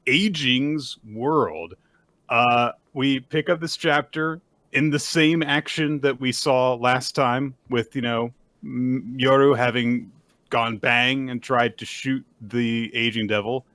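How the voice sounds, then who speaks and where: Bright-voiced man recapping a story. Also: mid-range voice, slow pace, dry recording. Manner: animated storyteller, acts out quotes in bursts. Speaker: podcast co-host. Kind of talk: casual chat recapping manga.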